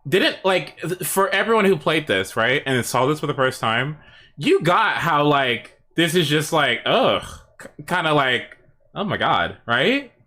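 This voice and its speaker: A man's voice: on the high side, big pitch swings, a little slow, pushed and bright. A man chatting casually on a live stream, rambling and hesitant with many fillers. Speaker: livestream host.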